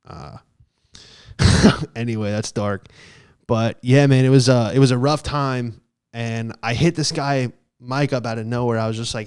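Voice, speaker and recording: A man's voice: mid-range voice, steady tone, measured pace, long pauses, a little mellow, smooth. A young man hosting a podcast, telling a story in a casual, comic, rambling way, with swearing and lots of fillers. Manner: rambling, profane, heavy on fillers. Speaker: podcast host.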